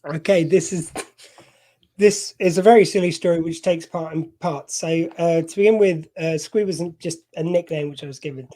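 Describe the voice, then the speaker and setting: A man's voice: fairly high pitch, normal speed, mellow. A middle-aged man from southern England, a podcast host, telling a rambling, self-deprecating story in casual chat. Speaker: podcast host being interviewed.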